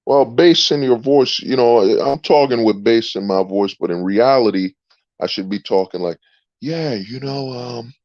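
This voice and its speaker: A man's voice: low voice, no echo. A man hosting a livestream, ranting in a rambling, sarcastic way, filling gaps with "you know what I mean". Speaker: channel host. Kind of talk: livestream rant. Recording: dull lo-fi, dry sound.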